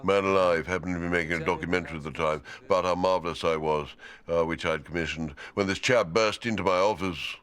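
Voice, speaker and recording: A comic actor playing a pompous, self-satisfied television executive in a mock documentary interview. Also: male voice, deep voice, fast talker, a bit bright, clear, resonant tone. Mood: smug. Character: smug posh TV executive.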